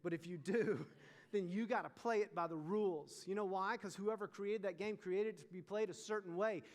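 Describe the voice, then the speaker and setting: A young man preaching a sermon to a student group, animated and asking the audience questions. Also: sits high, moderate pace. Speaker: youth pastor. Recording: long reverb of a large hall.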